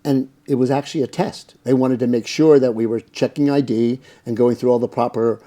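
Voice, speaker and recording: A middle-aged man from the United States tells stories as an interview guest, with a dark, mellow tone and a medium pitch. He rambles easily through his anecdotes, stacking up fillers and restarts. He slips into other people's lines as he quotes them. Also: steady tone, brisk. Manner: anecdotal, lots of fillers, acts out quoted dialogue. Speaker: interview guest, cannabis business owner. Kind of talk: casual storytelling interview.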